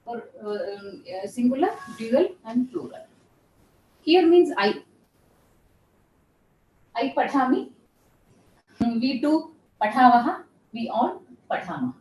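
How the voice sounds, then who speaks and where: Woman, professor, patient repetitive lecturing, high animated voice, echoey room, distant mic. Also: takes it slowly, long pauses. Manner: patient, repeats terms while explaining. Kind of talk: classroom lecture.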